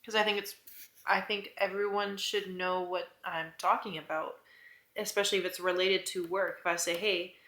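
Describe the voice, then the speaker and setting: A woman's voice: lowish voice, flat delivery, moderate pace, pushed and bright. Rambling young woman in an echoey room. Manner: chatty, rambling, hesitant with frequent "I don't know" and laughs. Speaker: vlogger. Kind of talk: casual rant to camera.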